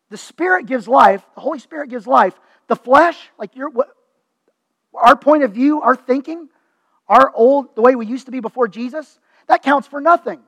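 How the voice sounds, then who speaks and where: Male pastor, very high voice, dry close sound, chatty sermon delivery. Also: fast talker, fairly bright tone, no echo, low-quality recording. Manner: conversational preaching, acts out quoted voices.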